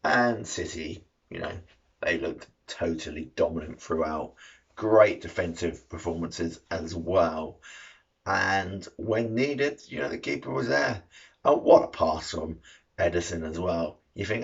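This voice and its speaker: Middle-aged guy, sweary jokey news chat, husky low voice, dull lo-fi audio. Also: unhurried. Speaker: vlogger. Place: shed. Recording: dull lo-fi sound.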